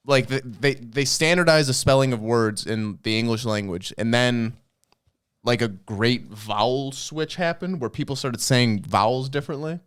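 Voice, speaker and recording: A man's voice: mid-range voice, a bit bright, clean tone. A man co-hosting a podcast, chatting casually, rambling and restarting his sentences, with plenty of swearing. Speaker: podcast co-host. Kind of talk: casual chat.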